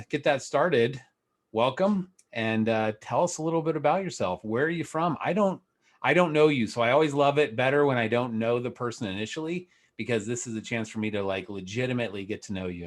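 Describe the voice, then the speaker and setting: A man's voice: mid-range voice, fairly quick. A man hosting a podcast over a video call, upbeat and chatty, joking with his guest. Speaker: podcast host. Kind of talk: casual interview chat.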